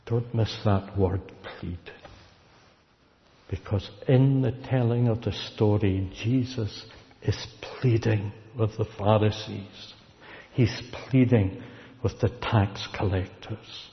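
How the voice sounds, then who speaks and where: A man preaching a sermon, slow and deliberate, repeating key words for weight. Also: lowish voice, steady tone. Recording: dull recording with long hall reverb.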